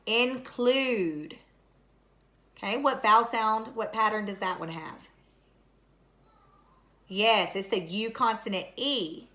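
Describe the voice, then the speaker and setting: This recorded lesson features a woman with a fairly bright mid-range voice teaching word study to third graders. Patient and deliberate, she speaks slowly and says each word twice over for spelling.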